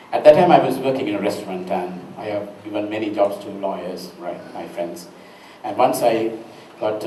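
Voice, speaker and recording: A man's voice: fairly low pitch, mellow, roomy sound, recorded from a distance, slight background noise, rough recording. A middle-aged man with a Sri Lankan accent, teaching a class and giving advice with many tag questions like "right?" and "you know".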